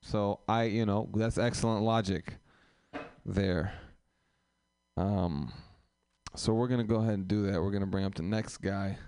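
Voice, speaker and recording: Gravelly low-voiced man hosting an open mic. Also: fairly even intonation, a little slow, a little mellow, a little hiss or hum. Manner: profane, rambling and teasing with the audience. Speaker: comedy open mic host. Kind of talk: live crowd work banter. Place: small sparsely attended live comedy room.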